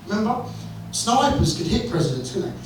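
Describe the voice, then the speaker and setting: A high-voiced man, very animated and speaking at a normal pace, works a comedy club crowd with foul-mouthed, crude jokes and a wry narrative style. The indoor club space echoes, and the far-off microphone captures a noisy sound.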